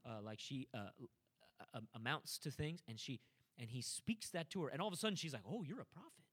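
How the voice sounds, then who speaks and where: A man's voice: medium pitch, very animated, brisk, fairly bright tone, slightly rough. A man preaching a sermon, impassioned and building to emphatic, driving delivery. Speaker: pastor.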